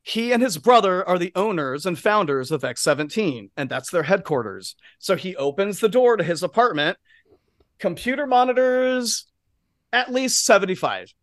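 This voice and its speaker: A male podcast co-host telling a rambling, lively anecdote in casual chat, full of asides and swearing, on a studio mic. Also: high-pitched, moderate pace, no room sound.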